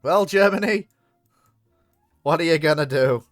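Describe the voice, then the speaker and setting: The man here has a slightly high voice and a slightly slow pace, recorded at studio quality with no echo and faint music behind him. He gives casual commentary while streaming a naval strategy game, laughing a lot, swearing, and doing mock dialogue.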